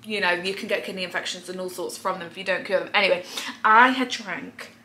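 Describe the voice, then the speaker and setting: A young woman chatting casually and telling animated stories as a podcast co-host. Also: fairly quick, reverberant, a little hiss or hum. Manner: animated storytelling, acts out voices in high excited tones. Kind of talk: casual chat while eating. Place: flat living room.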